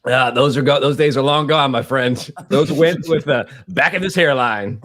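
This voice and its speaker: A man, a podcast co-host and high school teacher, chatting casually and laughing often. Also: measured pace, fairly bright tone. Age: adult, high school teacher.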